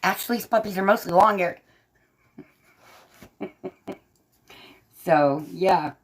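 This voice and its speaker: A woman's voice: fairly low pitch, slow. A woman with a faint Southern American accent, chatting casually to her livestream audience from bed while she colors, laughing often and answering the chat. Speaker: livestream host and artist. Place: bedroom, propped up in bed.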